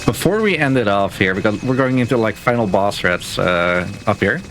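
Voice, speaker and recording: A man with a lowish voice talks through his speedrun live, relaxed and casual, pausing on filler words as he explains each move. Game music plays clearly behind him. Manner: relaxed, explains moves while playing, many filler words. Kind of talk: casual live gameplay commentary.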